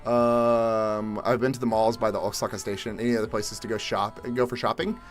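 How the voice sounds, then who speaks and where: A young man from Atlanta, Georgia, chatting casually on a live stream, reading viewer questions and answering in a laid-back way, with the odd swear word and loud exasperated outbursts. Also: on the low side, flat delivery, fairly quick. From Atlanta, Georgia, USA. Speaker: livestream host. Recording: faint music behind.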